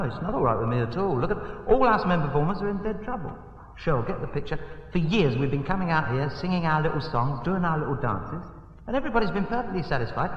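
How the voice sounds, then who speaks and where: British man, theatrical comic banter, fairly high voice, distant roomy lo-fi 1960s TV sound. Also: a little hiss or hum. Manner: theatrical, excitable, bursts into loud rhetorical outcries. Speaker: guest entertainer. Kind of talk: comic stage banter on a TV variety show. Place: TV studio stage. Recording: echoey, distant, dull lo-fi 1960 TV broadcast.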